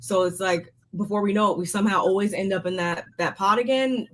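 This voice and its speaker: Animated woman chatting casually. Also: mid-range voice, a little fast, a little hiss or hum. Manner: animated, rambling, rising to loud exclamations. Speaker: podcast co-host reviewing a reality show. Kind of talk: casual chat.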